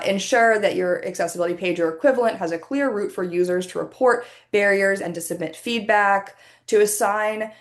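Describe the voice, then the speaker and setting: A woman leads a webinar through her computer microphone. She talks in a relaxed, conversational way, with plenty of ums and small restarts. Her voice is starting to go hoarse. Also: medium pitch. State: voice going hoarse, coughing. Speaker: webinar presenter. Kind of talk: presenting a webinar.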